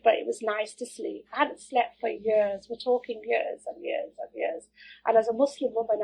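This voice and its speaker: A middle-aged woman telling her own story as an interview guest, candid and animated, acting out the things people said to her. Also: a little high, creaky, slightly rough, rough recording. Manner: candid, animated, acts out quoted remarks.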